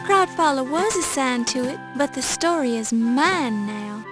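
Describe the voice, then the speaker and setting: Plucky young woman reporter, bright-pitched, politely pushy. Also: lively intonation, a little slow, over loud music. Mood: insistent. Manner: polite but insistent. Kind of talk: 1990s adventure game voice acting.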